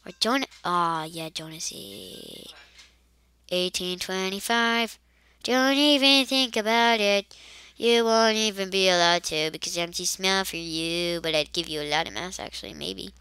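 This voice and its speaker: A woman's voice: lowish voice, measured pace, bright, forceful tone, smooth, no echo. A woman giving casual, rambling gameplay commentary, full of silly asides. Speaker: let's play gamer.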